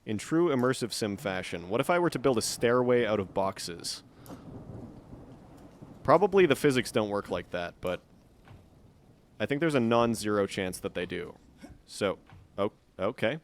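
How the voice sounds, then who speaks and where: A man's voice: on the low side, expressive, normal speed, a little hiss or hum. Man muttering through live gameplay. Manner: chatty, muttering to himself, frequent swearing. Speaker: streamer.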